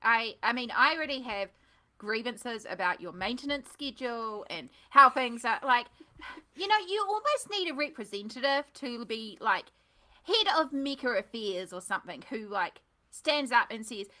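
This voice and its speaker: Chatty, bright New Zealand woman player. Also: fairly high pitch, expressive, normal speed. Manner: chatty, rambling, playful. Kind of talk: casual tabletop play.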